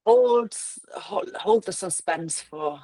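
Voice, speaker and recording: A woman's voice: mid-range voice, lively intonation, mellow, no room sound. Woman cohost agreeing a lot, trips over words, dry close sound. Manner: agreeable, stumbling repeats, quick agreement. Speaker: podcast co-host. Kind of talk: casual review chat.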